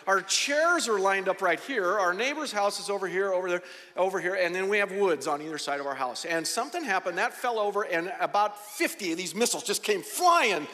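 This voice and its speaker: A middle-aged man preaching, telling a story with animated, dramatic energy. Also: high-pitched. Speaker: pastor. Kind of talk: sermon storytelling. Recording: long reverb of a large hall.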